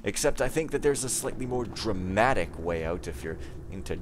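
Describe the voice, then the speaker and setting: A young man talks through a video game in casual commentary and rants when things go wrong. His voice is very lively, swinging up and down in pitch. A clear hiss and game sounds sit behind him. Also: moderate pace. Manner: ranting and easily frustrated. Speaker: let's play gamer.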